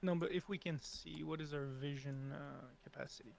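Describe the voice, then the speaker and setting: A man's voice: on the high side, steady tone, normal speed, gravelly, a little mellow, a little hiss or hum. A man playing in a tabletop game, chatting casually and asking questions with some hesitation. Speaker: player.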